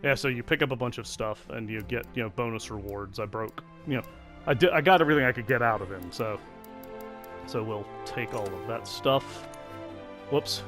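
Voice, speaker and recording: A man's voice: medium pitch, moderate pace, fairly bright tone, soft background music. A man casually commenting on his video game session, chatty and self-deprecating. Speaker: let's play host.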